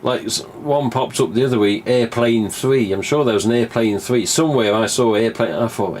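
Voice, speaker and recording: An English man hosts a live stream, chatting through a rambling, casual monologue where he swears freely and acts out conversations he remembers. His mid-range voice moves at normal speed with hardly any pauses, sounding a little mellow over a faint hiss or hum.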